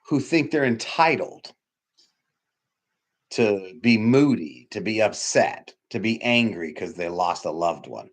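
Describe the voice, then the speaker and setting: A middle-aged man preaching a sermon in a church hall, blunt and emphatic, with sudden loud high bursts. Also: lively intonation, a little slow. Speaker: pastor. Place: church hall with doors opening.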